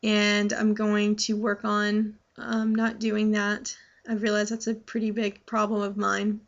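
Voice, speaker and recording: A woman's voice: medium pitch, monotone, unhurried, creaky. A young adult woman talking casually to her vlog audience, rambling with many fillers and restarts. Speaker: vlogger. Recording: dull lo-fi sound.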